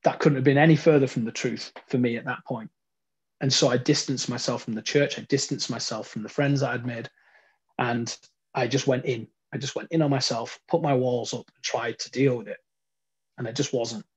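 Husky-voiced British man telling his story. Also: mid-range voice, fairly even intonation, moderate pace. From United Kingdom. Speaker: professional wrestler telling his life story. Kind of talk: personal testimony.

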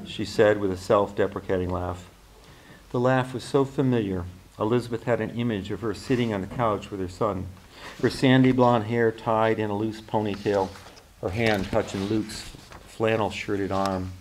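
A man, an author and teacher, reading literary fiction aloud in a measured, even way, now and then restarting a phrase. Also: fairly low pitch. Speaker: author and faculty member.

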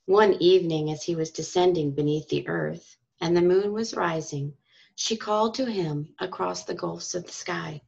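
A woman reading a storybook aloud to school children and parents, in a calm, expressive storytelling manner. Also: lowish voice, normal speed, vocal fry. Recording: dull lo-fi recording.

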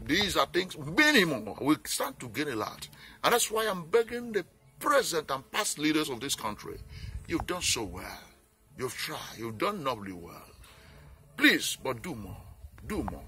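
Pleading Nigerian man, lively high voice. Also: unhurried, faint music behind. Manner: pleading, repetitive, earnest. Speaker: peace campaigner. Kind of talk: impassioned appeal speech.

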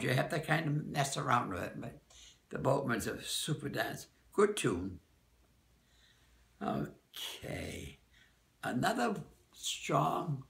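Gravelly older man, rambling memories. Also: medium pitch, a bit bright, reverberant. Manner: rambling, self-correcting, halting recall. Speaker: dance teacher. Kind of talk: oral-history reminiscence.

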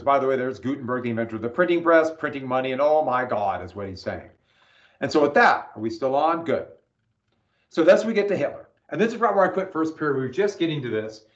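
A male history teacher lecturing an online class from home, rambling and breaking off to check his connection. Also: on the high side. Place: home room. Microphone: computer mic on video call. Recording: echoey dull video call audio.

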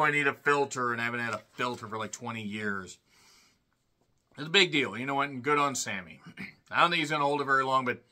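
A man giving a casual solo wrestling review, sarcastic and irreverent, who often clears his throat and breaks into loud bursts. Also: on the high side.

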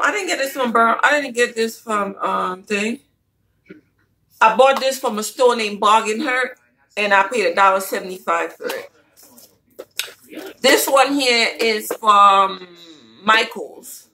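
A woman's voice: medium pitch, bright, forceful tone, low-quality recording. A woman vlogger chatting casually and playfully to her viewers while showing a shopping haul.

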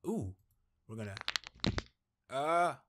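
A man's voice: mid-range voice, slow, background noise. A man commenting on a game as he plays, joking around and reading the on-screen text aloud. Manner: joking, animated, reads dialogue in voices. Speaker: gameplay commentator.

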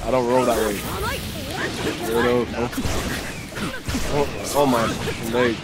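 Excitable man yelling over gameplay. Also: medium pitch, slow. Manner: excitable, swearing, yelling at the opponent. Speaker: gaming channel host. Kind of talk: live gameplay commentary. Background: game music.

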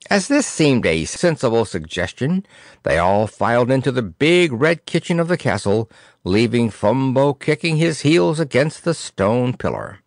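A man reading a children's storybook aloud in an expressive, theatrical way. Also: mid-range voice, a little slow, dry recording, studio quality. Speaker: audiobook narrator. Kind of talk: storybook narration.

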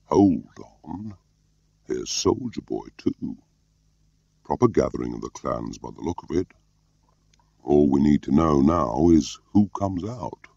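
A man's voice: extremely low pitch, expressive, takes it slowly, gravelly, long pauses, dark tone, no room sound, exaggerated voice. A man doing a terse, laconic male watcher. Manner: terse, clipped. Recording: muffled lo-fi recording.

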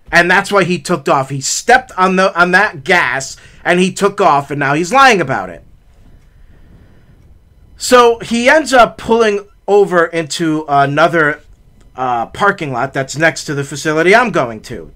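Animated, high-voiced man telling a story. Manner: dramatic, builds up to shouted reenactments. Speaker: hiking vlogger. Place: outdoor forest trail.

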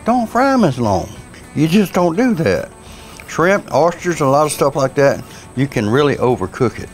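A man's voice: fairly high pitch, big pitch swings, normal speed, soft background music. A man with a Cajun Louisiana accent chatting folksily through a cooking demo outdoors at a pizza oven. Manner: folksy, chatty, says y'all a lot. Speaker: cook.

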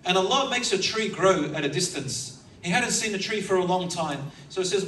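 A male preacher in an echoey hall, heard from a little way off the mic with faint room ambience behind him. His voice sits slightly high for a man. He tells the story with animation and chuckles as he goes. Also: expressive, moderate pace, hardly any pauses, sharp tone, distant mic, slight background noise. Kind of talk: sermon, storytelling. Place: lecture hall.

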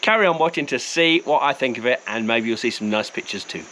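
A man's voice: medium pitch, expressive, fast talker, pushed and bright, rough recording. A man with a Cockney accent, a wildlife photographer talking casually and enthusiastically to camera outdoors, joking at his own expense. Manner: enthusiastic, chatty, self-mocking. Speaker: wildlife photographer reviewing gear. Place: outdoors in the bush.

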